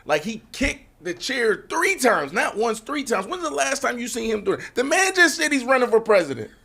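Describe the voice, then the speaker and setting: Animated, high-voiced male podcast host. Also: normal speed, creaky, husky. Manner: animated, swearing, laughing at trolls. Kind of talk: casual sports talk.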